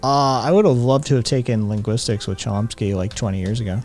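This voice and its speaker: A man's voice: medium pitch, a little fast, darkish tone, faint music behind. A man chatting on a live stream, bantering sarcastically and swearing freely. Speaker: streamer co-host. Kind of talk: casual live-stream chat.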